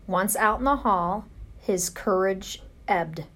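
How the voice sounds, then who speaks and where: Slow, gentle woman reading a storybook. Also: medium pitch. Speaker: narrator. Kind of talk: storybook read-aloud.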